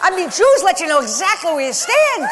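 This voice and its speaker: A woman doing a stand-up comedy set, her voice high and light. She lands lines in a punchy, wry way, dropping dry asides. Her mic carries a long reverb tail and a clear hiss underneath. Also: very animated, brisk, a bit bright.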